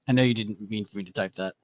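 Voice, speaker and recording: A man's voice: on the low side, slight background noise. A man hosting a casual livestream, muttering word guesses to himself and reacting to chat with self-mocking remarks. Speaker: livestream host.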